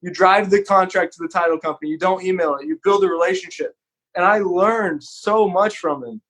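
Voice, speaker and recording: High-voiced man telling a candid story. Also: fairly quick, fairly bright tone. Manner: earnest, candid, sprinkles in "man" and "like". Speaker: podcast guest. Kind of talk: casual storytelling.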